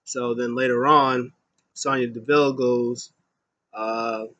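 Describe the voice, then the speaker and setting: A man's voice: mid-range voice, fairly even intonation, sharp tone, dull audio. A young man casually recapping a wrestling show, rambling with lots of fillers. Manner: rambling, many fillers, paraphrases with quick voices.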